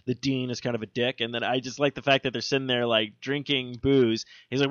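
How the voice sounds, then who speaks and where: A man chatting casually about a film as a co-host, animatedly acting out scenes in excited voices. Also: medium pitch, brisk, no room sound, dull audio. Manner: animated, quotes movie lines in excited voices. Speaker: podcast co-host. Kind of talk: casual movie chat.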